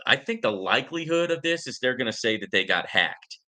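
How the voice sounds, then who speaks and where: Man, show host, rambling with fillers, bright voice, mid pitch. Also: animated, a little fast. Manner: rambling, many fillers, addresses viewers as guys. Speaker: crypto investment show host. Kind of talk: casual live-stream commentary.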